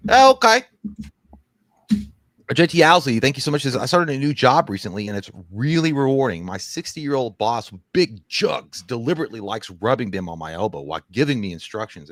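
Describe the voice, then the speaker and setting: A man's voice: mid-range voice, big pitch swings, a little fast, hardly any pauses, no echo. A man co-hosting a live stream, reading viewer messages aloud in a loose, rambling, profane, joking way. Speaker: co-host reading super chats. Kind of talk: casual live-stream chat.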